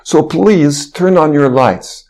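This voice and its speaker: A man voicing an earnest Russian former soldier, with a Russian accent and halting, broken English, in a slow, raised delivery. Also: a little high, a little mellow, pitched above the performer's own voice. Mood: earnest pleading.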